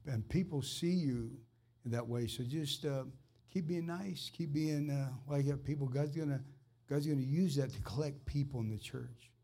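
An earnest man in informal ministry, talking straight to one listener in a plain, conversational flow. His voice sits at an ordinary middle pitch, neither deep nor high, and carries a fervent edge. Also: moderate pace, mellow. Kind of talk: informal preaching and personal ministry.

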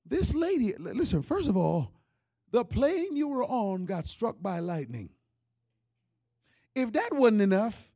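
A man spinning a comic story, his voice high and swinging wildly up and down. There is a gravelly, husky grain under his loud outbursts, and he sounds close and dry. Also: a little slow, dry recording. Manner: animated, with loud outbursts and laughs. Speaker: comedian. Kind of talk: comedic storytelling.

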